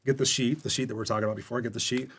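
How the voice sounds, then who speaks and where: A man's voice: medium pitch, very fast, husky. A man being interviewed as a guest coach on a podcast, telling candid stories with energy and acting out the dialogue. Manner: energetic, candid storyteller who acts out quoted dialogue. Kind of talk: storytelling interview chat. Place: podcast recording.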